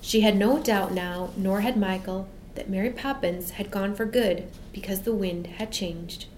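A woman narrating a children's storybook aloud in a measured, expressive reading voice. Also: medium pitch, slight background noise, rough recording. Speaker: audiobook narrator.

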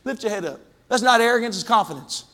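A man preaching a fervent Pentecostal sermon in a church, calling out to the congregation and rising to shouts. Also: very high-pitched, expressive, quick pace. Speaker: pastor. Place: church sanctuary.

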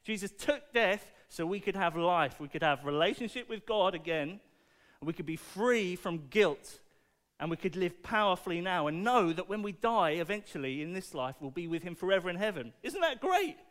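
A man preaching a playful, animated talk to children, asking the audience questions and using object lessons. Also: sits high, moderate pace.

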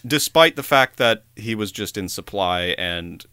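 Man co-host, lively bright delivery, casual swearing storyteller. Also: lowish voice, a little slow, clear, resonant tone, no echo, clean studio sound. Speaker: podcast co-host.

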